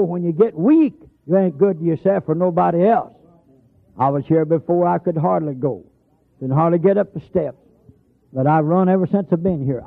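A man preaching a folksy sermon, his voice gravelly and a little high for a man. He stretches key lines out slowly for emphasis. The sound is thin and tinny, like an old broadcast.

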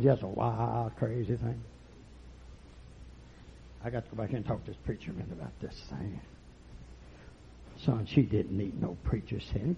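A man preaching a fiery, folksy sermon that swings from low murmurs to loud shouts. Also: very animated, moderate pace, vocal fry, slight background noise. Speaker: pastor. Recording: lo-fi recording.

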